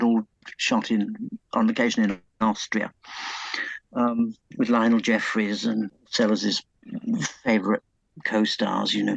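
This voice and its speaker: A man's voice: fairly low pitch, gravelly, husky, dry recording, dull audio. A man being interviewed about his book, hesitant and full of fillers and restarts, enthusing about old films. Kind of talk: conversational interview.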